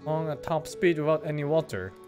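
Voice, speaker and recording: Guy reading out a tired rescued doctor, kinda high voice, bouncy delivery. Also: expressive, quick pace, over music, lightly acted. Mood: weary. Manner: reading the dialogue aloud plainly. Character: weary male doctor rescued from raiders.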